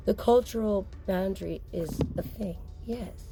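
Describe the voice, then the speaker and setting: A woman's voice: medium pitch, normal speed, darkish tone, soft background music. A woman talking to camera as a mother speaking out, upset, insistent and blunt, with occasional swearing. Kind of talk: emotional personal vlog.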